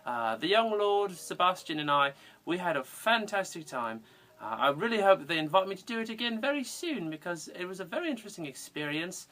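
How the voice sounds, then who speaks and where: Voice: medium pitch, very animated, brisk, pushed and bright. A fan cosplayer playing an eccentric, giggling retired male undertaker from England, with a theatrical sing-song delivery and fond, whimsical manner. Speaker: fan cosplay answering viewer questions. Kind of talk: in-character fan parody video.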